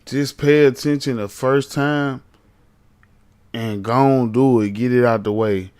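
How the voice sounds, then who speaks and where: A man's voice: mid-range voice, steady tone, a little slow, a little mellow, clean tone. A man streaming a casual reaction commentary, talking to his chat in blunt slang. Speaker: streamer reacting to arrest videos.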